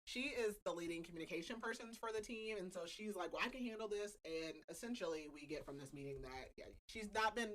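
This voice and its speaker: A woman's voice: fairly low pitch, fast talker, few pauses, a bit bright. A woman hosting a podcast, casually recapping a book's plot with a chatty, laughing manner and lots of filler words. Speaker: podcast host. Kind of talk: casual book recap chat.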